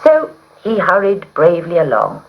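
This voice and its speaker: Expressive woman reading a storybook aloud. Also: fairly low pitch, normal speed. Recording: muffled recording with hiss.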